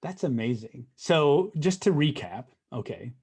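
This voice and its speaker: Pria pembawa podcast yang santai. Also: male voice, medium pitch, sing-song, measured pace, a little mellow, breathy edge. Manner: conversational, recaps points, frequent fillers and "right?". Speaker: podcast host. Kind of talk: podcast interview.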